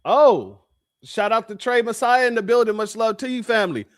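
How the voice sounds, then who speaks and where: A man hosts a livestream, talking to his chat in an emphatic commentary style. His voice sits high for a man, and he drives points home by repeating them. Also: lively intonation, moderate pace. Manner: emphatic, repeats phrases, addresses chat as family. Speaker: livestream host.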